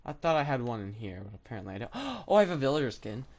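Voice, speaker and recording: A woman giving chatty, rambling commentary over her own gameplay, thinking aloud with lots of fillers and sudden bursts of excitement. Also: extremely low pitch, very fast. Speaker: gaming video creator.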